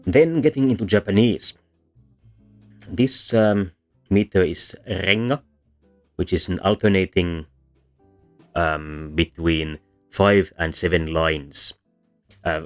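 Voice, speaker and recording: A man's voice: low voice, slow pace, long pauses. A man giving a casual, hesitant lecture on linguistics, with frequent ums and restarts. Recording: soft background music under voice.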